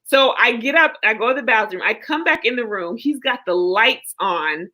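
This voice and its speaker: A woman co-hosting a casual livestream chat, telling animated stories, laughing often and reading out chat comments. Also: fairly high pitch, normal speed. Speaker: livestream co-host.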